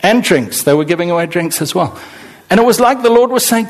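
Middle-aged guy preaching, emphatic, a bit high voice. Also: lively intonation, fairly quick, slight background noise. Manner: emphatic, acts out quoted voices. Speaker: pastor. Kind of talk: sermon.

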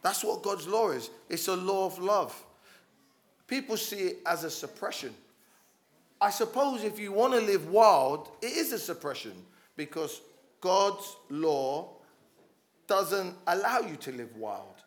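A man delivers a sermon in a fairly high voice. He speaks with passion, stumbling over restarts, and builds to loud calls for his listeners to stand up. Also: expressive, measured pace. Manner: passionate, rising to loud exhortation with frequent restarts. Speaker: preacher.

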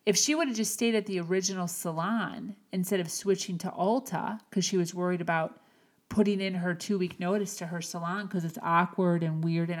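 A woman hosting a podcast, giving an earnest, encouraging motivational talk with slow, emphatic phrasing. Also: medium pitch. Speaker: podcast host. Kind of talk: motivational monologue.

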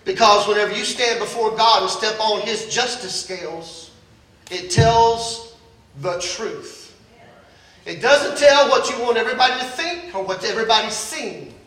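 An older man preaches to his congregation in a high, bright voice, circling back to his key phrases with growing urgency. He sounds a little distant from the mic, and the church around him rings with echo. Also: brisk, hardly any pauses. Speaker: pastor. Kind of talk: sermon. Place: church sanctuary.

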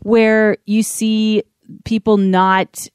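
A woman's voice: medium pitch, flat delivery, drawn-out words, a little mellow, clear, resonant tone, dry recording, studio quality. A woman co-hosting a film review podcast, talking in a conversational, agreeable way. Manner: conversational, agreeable, plain-spoken. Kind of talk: casual film review chat.

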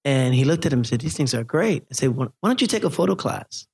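A man's voice: mid-range voice, fast, gravelly, husky. A middle-aged man, a photographer, telling stories in an interview and acting out the people he quotes, laughing often. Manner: animated, acts out quoted voices, laughs often. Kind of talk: interview storytelling.

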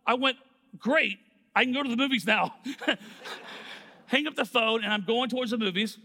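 Man, preacher, very high voice, bright, long hall reverb, animated storytelling. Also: normal speed. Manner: animated, acts out quoted voices with laughs. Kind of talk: sermon storytelling.

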